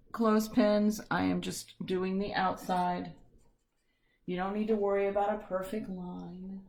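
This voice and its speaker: A woman art teacher leads a step-by-step painting lesson from home. Her voice sits low with a gravelly fry. She talks in a chatty, self-deprecating way and slips in corny jokes. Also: a little mellow.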